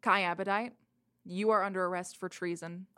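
A stern woman official states an arrest in a cold, curt, formal manner, as a game master voices her. The voice sits fairly low for a woman. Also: steady tone, normal speed, fairly bright tone, close to an everyday voice.

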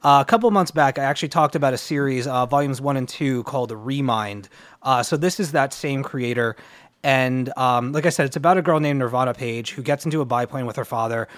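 A man's voice: mid-range voice, a little fast, no room sound. A man co-hosting a comic book podcast, rambling through a review in casual chat and laughing at himself. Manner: rambling, self-deprecating, laughs a lot. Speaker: podcast co-host.

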